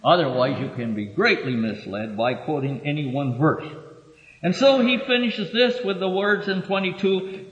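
A man giving a sermon-style Bible lesson, halting with many filler pauses and lifting his voice to read verses. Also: on the high side, animated, fairly bright tone. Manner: reads verses aloud with raised emphasis. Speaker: preacher teaching from scripture. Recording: dull echoey recording from a hall.

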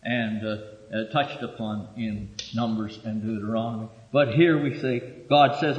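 A man giving a sermon-style Bible lesson, halting with many filler pauses and lifting his voice to read verses. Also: mid-range voice, fairly bright tone. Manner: reads verses aloud with raised emphasis. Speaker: preacher teaching from scripture. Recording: dull echoey recording from a hall.

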